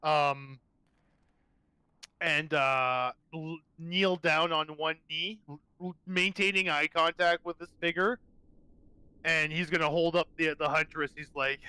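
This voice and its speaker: A man's voice: fairly high pitch, fairly even intonation, takes it slowly, pushed and bright, clear, resonant tone, no echo, poor audio. A man playing a tabletop game, describing his character's actions in a rambling way. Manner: rambling, full of fillers and restarts. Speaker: player.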